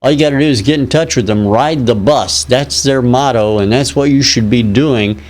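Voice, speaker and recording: A man's voice: medium pitch, normal speed, a little mellow. A laid-back man from Illinois co-hosts a live online show. He jokes easily in a loose, casual way. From Illinois, United States. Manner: laid-back, joking, easygoing. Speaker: co-host.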